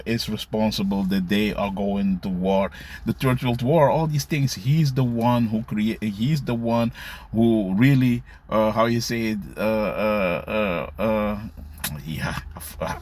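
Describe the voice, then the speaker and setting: Male commentator, lowish voice, casual scripture talk, frequent "you see, man" tags. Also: slow pace, a little mellow. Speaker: religious commentator.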